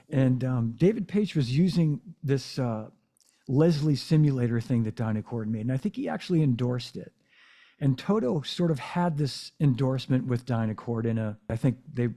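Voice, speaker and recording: A man hosting a casual interview from his home drum room, with a mellow, darker tone. He talks in rambling, anecdotal runs, full of "you know" and restarts, at a middling pitch. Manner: rambling storyteller, many fillers and restarts. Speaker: podcast host.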